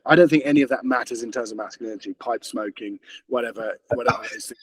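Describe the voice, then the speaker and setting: A man talking fast and earnestly as an interview guest, often restarting his sentences. His voice is husky and the sound is dry and close. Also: mid-range voice, no room sound. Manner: earnest, rapid, frequent restarts. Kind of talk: conversational interview.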